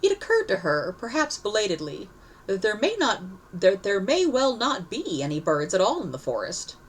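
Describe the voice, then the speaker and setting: A woman's voice: mid-range voice, huge pitch swings, normal speed, breathy edge, low-quality recording. A woman narrating a story aloud, reading expressively and correcting herself now and then. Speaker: story reader.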